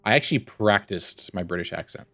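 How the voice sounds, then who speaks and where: A man's voice: on the low side, lively intonation, fairly quick, a bit bright, soft background music. A man running a tabletop game, chatting and teasing his players on a voice call. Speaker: game master. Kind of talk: casual chat.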